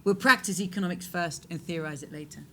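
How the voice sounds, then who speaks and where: A woman's voice: on the low side, quick pace, fairly bright tone. Woman, 40s, author on a debate panel; emphatic, rhetorical delivery with a light hum underneath. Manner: emphatic, rhetorical, acts out quoted voices. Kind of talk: public debate answers.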